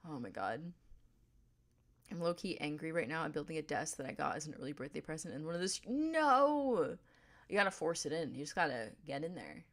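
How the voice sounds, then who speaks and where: A woman streaming a game and chatting with viewers, given to dramatic mock outrage and quick asides. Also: deep voice. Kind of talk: casual livestream chat.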